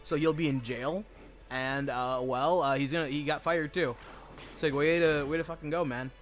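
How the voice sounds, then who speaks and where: A man's voice: on the high side, fairly even intonation, normal speed, a bit bright, soft background music. Young man ranting profanely with slang. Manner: profane, rambling storytelling with slangy asides. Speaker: gaming streamer. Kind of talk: casual chat while gaming.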